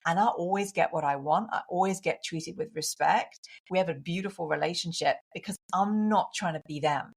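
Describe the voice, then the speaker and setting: A woman's voice: fairly low pitch, a little fast, gravelly, few pauses, breathy edge. A woman with a British accent, a guest on a podcast, talking earnestly and with emphasis in a casual interview. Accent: British English. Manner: earnest, emphatic, laughs easily. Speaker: podcast guest, coach for women.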